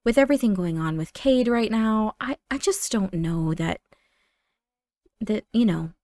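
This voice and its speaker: A woman's voice: mid-range voice, expressive, a little slow, dry recording, natural voice. A woman voicing a weary widowed mother who speaks kindly but hesitantly. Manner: warm, hesitant.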